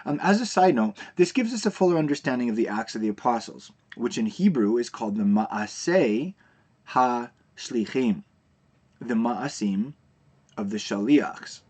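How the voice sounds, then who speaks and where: A man teaching a recorded video lesson, explaining terms in a relaxed way with frequent fillers and restarts. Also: mid-range voice, normal speed, breathy edge.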